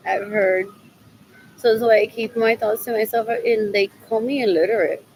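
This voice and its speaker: High-voiced lady livestreaming, slow and rambly, kinda gravelly, faint hiss behind her. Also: poor audio. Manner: rambling, repeats herself while musing aloud.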